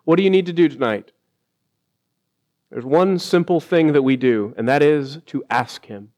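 A man preaching a sermon in an earnest way, slowing down to stress key lines and rising when he quotes others. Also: a little high, a little mellow. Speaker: pastor.

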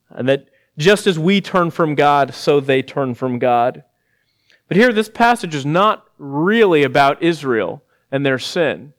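Animated man preaching a sermon. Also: a little high. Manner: animated, laughing asides, rising to emphatic peaks. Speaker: pastor.

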